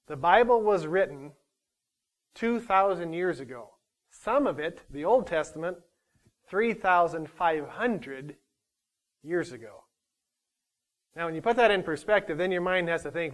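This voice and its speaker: A middle-aged man teaching a Bible study, preaching in a conversational, animated way with self-deprecating humor. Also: high voice. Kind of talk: sermon.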